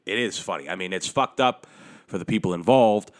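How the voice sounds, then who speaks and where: A man hosting a solo podcast, ranting heatedly with constant swearing and big swings in loudness. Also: low voice, brisk. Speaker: podcast host.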